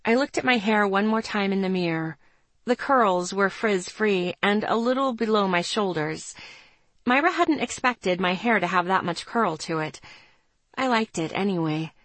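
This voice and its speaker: Woman narrator, mid-range voice, first-person audiobook, steady and even, dry recording. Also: mid-range voice, moderate pace, no room sound.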